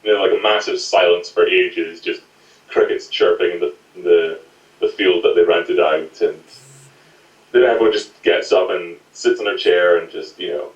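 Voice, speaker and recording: Brief: low-voiced male podcast co-host, giggly rambling storyteller, echoey room, set back from the mic. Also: fairly even intonation, normal speed, lo-fi sound. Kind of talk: comedic storytelling chat. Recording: roomy, distant home mic.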